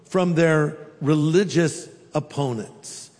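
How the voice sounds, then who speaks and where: A man's voice: a little high, slow pace, a little mellow, long reverb tail. A man preaching a sermon as a pastor, in a conversational, humorous storytelling way.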